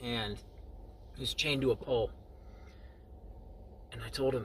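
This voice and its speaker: A man's voice: medium pitch, steady tone, measured pace, a bit bright, slight background noise. A man casually telling a personal story to his viewers, chuckling now and then. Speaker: vlogger.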